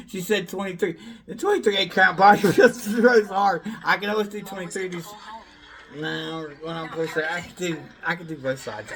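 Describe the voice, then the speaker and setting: A man's voice: fairly high pitch, a bit bright. A man in a rambling self-filmed monologue, boastful, swearing freely and breaking into laughter between phrases.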